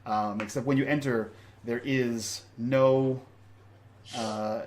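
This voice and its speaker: Halting male game master. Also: mid-range voice, steady tone, a little mellow, a little hiss or hum. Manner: halting, with many ums and uhs. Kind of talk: narrating a tabletop game.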